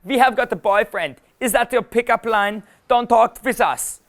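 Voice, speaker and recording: A man's voice: very high-pitched, moderate pace, a bit bright, voice pushed up. A man voicing a curt, dismissive young German woman at a bar, with a put-on German accent. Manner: curt, brushing off.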